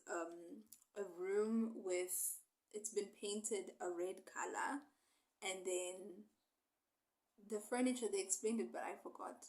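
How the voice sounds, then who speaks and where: A young woman casually retelling a novel for a book review, chatty and animated as she acts out the characters. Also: medium pitch, low-quality recording.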